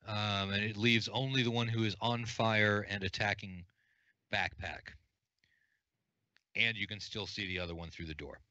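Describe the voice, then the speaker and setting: A man running an unscripted tabletop game as game master, narrating in a plain, halting way with lots of fillers. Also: on the low side, steady tone, sharp tone, dry recording, lo-fi sound.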